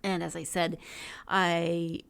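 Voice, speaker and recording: A woman hosts her own podcast in a loose, chatty way, wandering off and correcting herself as she goes. Her voice sits a bit low and sounds stuffy, as if she has just had a sneezing fit. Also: level tone, slow, vocal fry, clean tone. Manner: rambling, chatty, self-correcting. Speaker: podcast host. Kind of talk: casual solo podcast chat.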